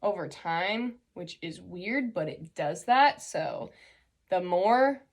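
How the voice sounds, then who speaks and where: A woman's voice: lowish voice, animated, slow pace. A young woman hosting a casual makeup tutorial, chatty and joking as she explains each step.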